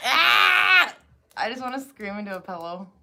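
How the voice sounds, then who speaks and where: A woman co-hosting a casual chat, animated and swearing as she retells stories. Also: mid-range voice, brisk. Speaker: co-host.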